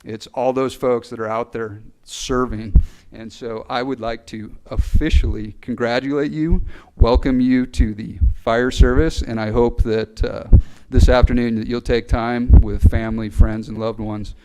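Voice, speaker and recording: A man giving a graduation address for fire recruits, earnest and halting, with many fillers, speaking into a podium mic. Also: medium pitch, fairly even intonation, mellow, clear, resonant tone, low-quality recording. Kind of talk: ceremonial speech. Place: ceremony hall.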